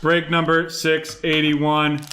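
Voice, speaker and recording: A man's voice: on the high side, completely flat delivery, slow pace, bright, forceful tone, slight background noise. A young man hosting a live card break stream, rattling off card names and the buyers they go to.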